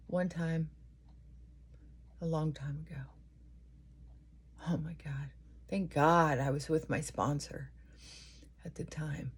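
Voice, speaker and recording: A middle-aged woman chatting earnestly and giving advice while doing her makeup. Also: lowish voice.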